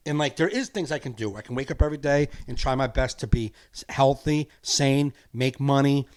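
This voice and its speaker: A man's voice: medium pitch, fairly quick. Rambling, earnest man on a podcast. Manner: rambling, earnest, laughs easily. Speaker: podcast host. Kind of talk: casual podcast conversation.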